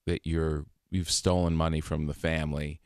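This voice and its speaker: A man guest on a radio show, chatting casually and telling animated stories, laughing often, in a studio. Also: rumbling low, moderate pace, clear, resonant tone, no echo. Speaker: comedian guest. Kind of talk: casual interview chat.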